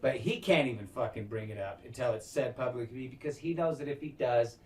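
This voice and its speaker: A man co-hosting a podcast, casually recapping a TV episode, animated and swearing often as he acts out the characters' lines. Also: medium pitch, a little fast, far from the mic. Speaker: podcast co-host.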